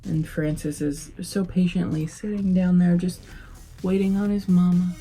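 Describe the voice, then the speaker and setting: A young adult woman chatting casually through a makeup tutorial, relaxed and rambling with many fillers. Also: on the low side, moderate pace, breathy edge, faint music behind. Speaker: beauty vlogger.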